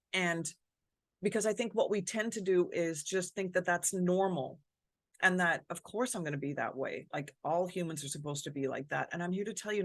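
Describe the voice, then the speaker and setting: Woman, vlogger, casual storytelling, candid, expressive, swears, dry close sound. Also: fairly low pitch, no echo. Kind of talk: casual personal storytelling to camera. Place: at home.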